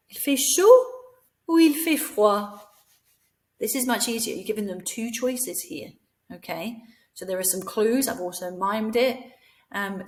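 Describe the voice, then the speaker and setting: Woman explaining classroom French with creaky voice. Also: medium pitch, poor audio. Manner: explains patiently, models French phrases with rising questions. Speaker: French teacher trainer. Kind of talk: recorded training lesson.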